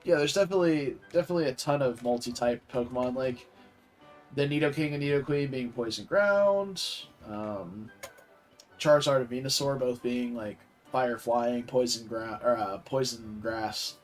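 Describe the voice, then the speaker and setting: A man's voice: medium pitch, moderate pace, faint music behind. A man from the Southern US giving casual, rambling gameplay commentary with many fillers and self-corrections. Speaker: streamer playing a game.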